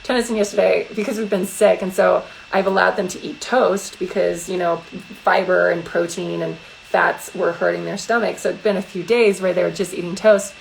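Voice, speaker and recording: A woman's voice: lowish voice, steady tone, normal speed, gravelly, slight background noise, poor audio. A woman in her thirties hosting a casual live question-and-answer chat from home on her phone, frank and chatty with lots of rhetorical questions. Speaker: live-stream host and aromatherapist.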